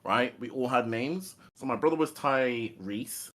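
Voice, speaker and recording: A man co-hosting a podcast, talking in a laid-back, halting way with laughs. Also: mid-range voice, fairly bright tone. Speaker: podcast co-host. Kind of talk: casual chat.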